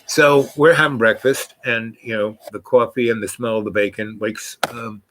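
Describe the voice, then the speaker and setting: A man's voice: mid-range voice, steady tone, moderate pace, fairly bright tone, a little hiss or hum, low-quality recording. A man from New York telling a personal story in a casual, meandering way, full of asides and restarts.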